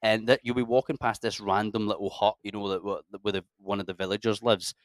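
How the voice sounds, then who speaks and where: A man's voice: on the low side, a little fast, dry recording, clean studio sound. A Scottish man chatting casually as an interview guest, swearing freely and putting on voices as he tells stories. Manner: sweary, animated storyteller, puts on voices for locals.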